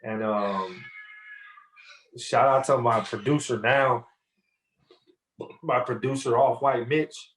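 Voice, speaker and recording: A rapper guest on a podcast tells a rambling interview story packed with slang and fillers, speaking slowly with frequent pauses. His voice is medium-pitched, with a faint hiss or hum in the background.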